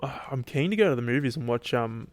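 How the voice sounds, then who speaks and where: This young Australian man runs his podcast on his own, talking fast in an expressive mid-range voice. It's a loose, casual solo chat that rambles and includes plenty of cursing.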